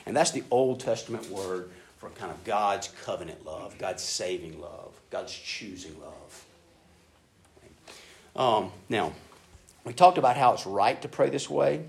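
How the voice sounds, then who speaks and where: A man preaching a sermon in a casual, animated way, acting out prayers in an excited voice. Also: lowish voice, unhurried, vocal fry. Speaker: pastor. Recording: echoey room with faint ambient noise.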